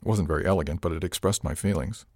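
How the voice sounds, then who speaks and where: A man narrating a first-person audiobook with a low, steady voice. His delivery is measured and even, recorded close on a studio mic in a dry, dead room. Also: no echo.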